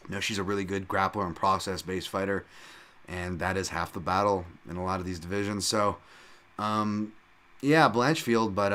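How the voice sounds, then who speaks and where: A man's voice: low voice, fairly bright tone, clean tone. A male podcast host giving a casual, rambling fight-betting breakdown, full of fillers, restarts and casual swearing.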